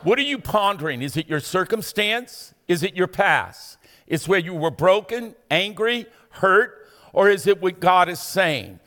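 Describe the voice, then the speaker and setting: A man preaching a sermon as pastor, building to shouted emphasis and asking the congregation to respond. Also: high-pitched, expressive, a little slow, big-room sound.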